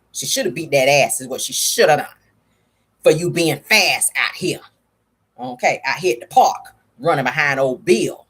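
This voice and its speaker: A woman vlogger chats sassily through celebrity gossip. Her husky voice is lively and swings up and down. She keeps calling her viewers honey. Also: fairly low pitch. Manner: sassy, chatty, addresses viewers as honey and y'all. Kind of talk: casual gossip commentary.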